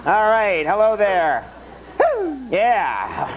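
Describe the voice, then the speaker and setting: A man's voice: sits high, big pitch swings, extremely slow, highs cut off, very noisy. A man hosting a late-night talk show, bantering and getting flustered while trying to keep a comedy sketch on track. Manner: flustered, repeatedly trying to regain control. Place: TV studio.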